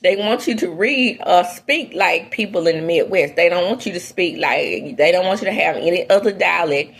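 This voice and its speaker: A woman's voice: normal speed, gravelly, breathy edge. Outspoken woman dishing gossip. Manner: outspoken, swings from low mutters to high exclaims. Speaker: entertainment gossip host. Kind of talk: opinionated casual commentary.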